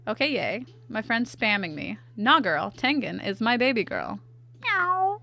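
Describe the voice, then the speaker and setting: A woman's voice: medium pitch, lively intonation, normal speed, gravelly, bright, forceful tone. A young woman chatting playfully with her live chat as she draws, answering them aloud. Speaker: artist streamer. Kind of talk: casual livestream chat while drawing.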